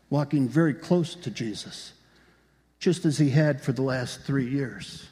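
A man's voice: mid-range voice, mellow. A man preaching a sermon as a pastor, telling the story vividly and asking the congregation rhetorical questions. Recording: long reverb of a large hall.

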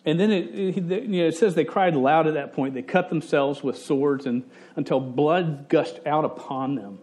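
A man delivers a sermon in a relaxed storytelling style, joking, breaking off to start sentences over, and doing quick impressions of whoever he's quoting. His slightly high, somewhat mellow voice moves at normal speed.

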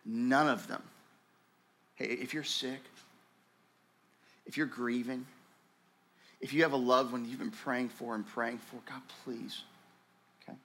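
A man preaching a sermon in a conversational, animated way, often restarting his sentences and dropping to a softer, slower tone for reassurance. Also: medium pitch. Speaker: pastor.

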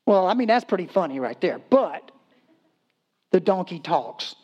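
A man's voice: sits high, a little slow, muffled recording. A man preaching a sermon in a casual, humorous storytelling way, acting out voices and laughing as he goes. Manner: acts out voices in quotes, animated. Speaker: pastor.

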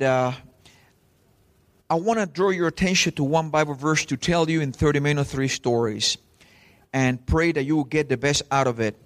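A man, a pastor preaching a sermon in church and telling stories straight to the congregation. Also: on the high side. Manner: animated storytelling preacher, addresses crowd directly.

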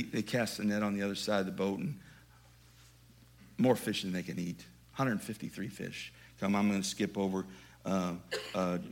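A male preacher retelling a scripture story in a conversational sermon, dropping to quiet asides and building to emphatic passages. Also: mid-range voice.

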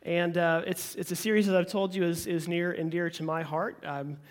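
A man with a light Oklahoma accent preaches in a relaxed, folksy way, full of jokes and playful asides. His voice sits high for a man. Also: moderate pace. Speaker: pastor. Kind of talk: sermon.

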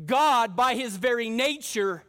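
A male pastor with a strikingly high voice delivers a fervent sermon. He preaches with emphasis and keeps turning to address his listeners directly. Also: lively intonation, measured pace, fairly bright tone.

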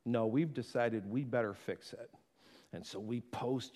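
A man preaching a sermon as pastor, conversational and playful, with quick asides and acted-out quotes. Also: mid-range voice, expressive, dark tone, big-room sound.

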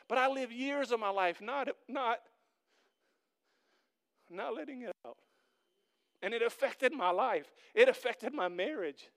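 A middle-aged man preaches a sermon as pastor, talking to his congregation in an earnest, conversational way. His voice sits high and stays smooth and resonant. He often builds to loud, emphatic peaks.

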